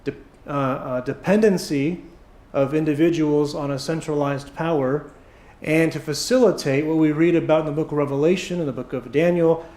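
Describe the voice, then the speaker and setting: Hoarse, high-voiced preacher in an echoey church. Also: male voice, steady tone, a little mellow. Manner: emphatic preaching, slowing for stress. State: hoarse throat. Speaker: pastor. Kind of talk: sermon. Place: church sanctuary.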